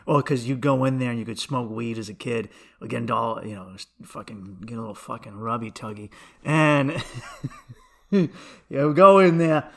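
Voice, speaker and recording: A man's voice: medium pitch, moderate pace, gravelly. A man hosting a comedy podcast, telling a rambling story in a casual monologue that keeps breaking off into asides. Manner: rambling storytelling, self-interrupting with restarts and asides.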